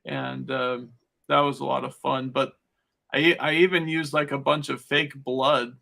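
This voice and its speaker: Male podcast guest, mid-pitched gravelly voice, casual rambling storyteller who chuckles a lot. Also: level tone, measured pace, sharp tone. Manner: rambling storytelling, laughs often between phrases. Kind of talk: casual chat.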